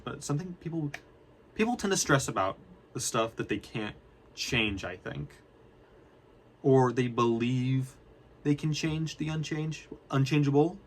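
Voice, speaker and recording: Young man, student vlogger, mid-pitched, rambling casual talk, restarts a lot, drops slang. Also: a little hiss or hum. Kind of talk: casual unscripted talk to camera.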